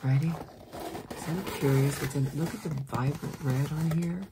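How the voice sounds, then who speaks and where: A woman doing a whispered ASMR mail opening, switching between soft whispers and quiet speech and drawing out her words. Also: low voice, steady tone, background noise. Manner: slow, drawn-out words. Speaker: ASMR creator.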